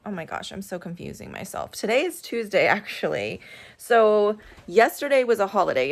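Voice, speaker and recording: With a fairly low, slightly bright voice and no echo, a middle-aged woman narrates a casual work-with-me reseller vlog. She talks to her viewers as she walks her storage area, sifting through shelves and bins.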